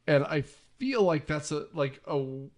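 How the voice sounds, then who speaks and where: A man's voice: fairly high pitch, expressive, takes it slowly. Enthusiastic man hosting a movie podcast. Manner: enthusiastic, rambling with fillers. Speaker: podcast host. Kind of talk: casual movie podcast chat.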